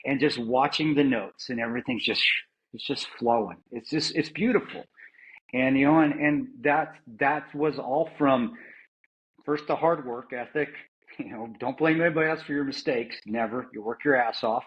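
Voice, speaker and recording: At a moderate pace, a middle-aged American man with a medium-pitched, slightly rough voice tells his story as an interview guest; he's a former Army Ranger and security contractor. His conversational account is candid and plain-spoken, full of restarts and some swearing, and the sound is lo-fi.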